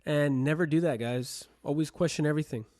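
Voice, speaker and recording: A young man with a fairly high, slightly mellow voice talks fairly quickly as co-host of a casual podcast. Earnest and direct, he urges the listeners to do their own thinking.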